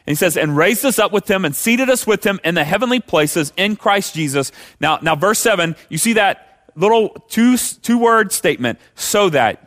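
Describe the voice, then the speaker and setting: High-voiced male pastor preaching. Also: expressive, normal speed, a bit bright. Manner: conversational preaching with rhetorical questions. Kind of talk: sermon.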